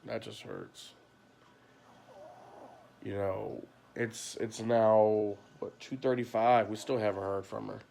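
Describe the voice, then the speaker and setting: A man talks into his phone late at night at home, venting in a long, rambling livestream. His voice sits a little low with a gravelly rasp. He circles back on himself with constant "you know" and "like", frustrated and weary. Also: flat delivery, a little slow, few pauses, mellow. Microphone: phone camera.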